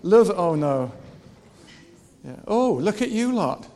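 A man preaching a sermon in a high voice at an unhurried pace. He moves between quiet, chatty asides and loud, repeated rallying calls, laughing along with the congregation. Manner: animated, shouting and laughing with the crowd.

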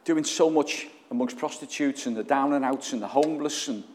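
Earnest preacher in a reverberant church. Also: male voice, mid-range voice, a little fast, darkish tone. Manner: earnest, emotional, asks the congregation questions. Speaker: pastor. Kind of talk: sermon. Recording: long reverb of a church hall.

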